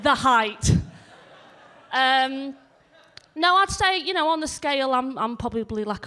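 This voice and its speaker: Young woman, Yorkshire accent, stand-up comic, high voice, chatty, self-mocking. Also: fairly bright tone. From northern England, near Leeds. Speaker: stand-up comedian. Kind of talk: stand-up comedy set. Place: comedy hall stage.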